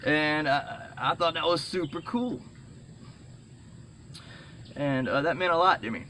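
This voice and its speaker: A middle-aged man rambling excitedly in a casual vlog, full of fillers and restarts, saying he is sweating. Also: fairly high pitch, unhurried, slight background noise. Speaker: vlogger.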